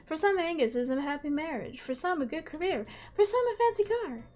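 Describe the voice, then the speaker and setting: A woman's voice: high voice, animated, brisk, darkish tone, soft background music, voice pushed up. A woman voicing a preachy older churchgoing woman in a game, speaking in a grandiose, sermonizing way.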